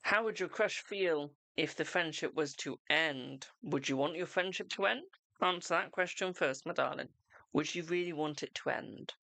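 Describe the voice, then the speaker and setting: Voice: mid-range voice, moderate pace, creaky, bright, forceful tone, dry recording. A host giving live-streamed tarot readings in a chatty, reassuring way, calling viewers darling.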